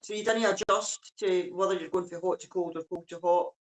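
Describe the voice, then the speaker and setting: A woman's voice: fairly low pitch, fairly even intonation, brisk, crowd noise, low-quality recording. A Scottish woman chatting casually, easygoing, with "aye" and "eh" running through her talk. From Scotland. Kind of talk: casual chat.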